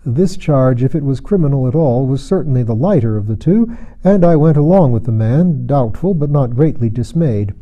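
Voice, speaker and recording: A man reading a novel aloud as an audiobook narrator, in a measured, dry storytelling manner. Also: mid-range voice, animated, muffled recording.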